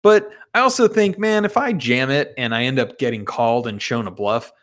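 A man's voice: medium pitch, lively intonation, moderate pace, a bit bright. A man recapping his poker hands in a casual, profane and self-mocking way. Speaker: poker player.

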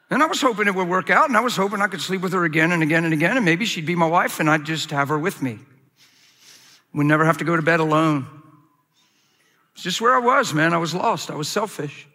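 A middle-aged male pastor preaching a sermon, telling stories with animated acted-out quotes. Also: fairly high pitch, fast talker. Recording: long hall reverb.

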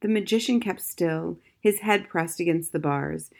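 A woman narrating a children's novel as an audiobook, in a gentle, measured way. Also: lowish voice, creaky. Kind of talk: scripted storybook narration.

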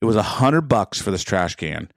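A man's voice: moderate pace, vocal fry, dry recording, studio quality. A man in his thirties co-hosting a podcast, telling a long rambling story in casual chat, his voice jumping up when he gets exasperated. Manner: animated, rambling, jumps up in pitch when exasperated. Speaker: podcast co-host.

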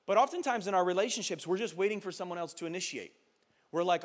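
High-voiced passionate preacher man. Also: expressive, fast. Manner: passionate, builds to shouting, acts out quoted voices. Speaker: pastor. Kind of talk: sermon.

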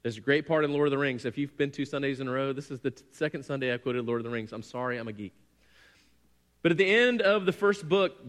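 Animated preacher man in an echoing church. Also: fairly high pitch. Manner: animated, self-deprecating, acts out quotes. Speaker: pastor. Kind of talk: sermon.

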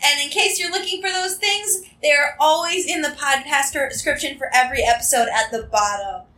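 A young woman co-hosting a podcast, giving her opinions on a book in a brisk, casual way. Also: sits high, pushed and bright. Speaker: podcast co-host. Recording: echoey room.

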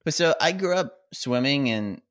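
A man co-hosting a podcast, telling a long, rambling story in casual chat with lots of fillers and shouted quotes. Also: normal speed. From rural America. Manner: rambling, animated, acts out quotes in a high yell. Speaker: podcast co-host.

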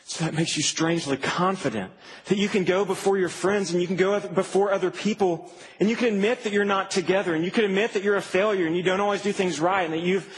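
A man preaching to students in an earnest, emphatic way, his voice sitting high for a man. He swings between hushed, slowed lines and raised, stressed ones. A faint background hum stays underneath. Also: fairly even intonation, rough recording. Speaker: campus ministry preacher. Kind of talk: sermon.

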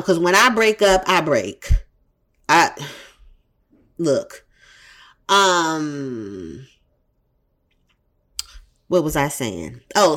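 A woman podcast host giving casual advice in a blunt, profane, emphatic way, repeating her points for emphasis. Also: fairly low pitch.

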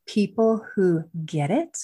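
A middle-aged woman speaking as a podcast guest, explaining her ideas in a measured way. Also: mid-range voice, lively intonation, dark tone, breathy edge. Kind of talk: conversational podcast talk.

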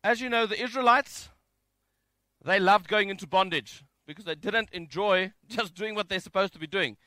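A man with a high, bright voice preaches a relaxed, jokey sermon, reading scripture aloud between asides. The sound is dry and close, with no room around it. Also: moderate pace, no echo. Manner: conversational, jokey and animated. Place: home, during isolation.

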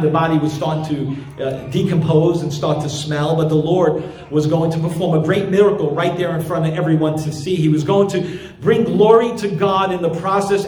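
A man's voice: on the high side, darkish tone, roomy sound, slight background noise. A man preaching a sermon as pastor, fervent and repeating his phrases for emphasis.

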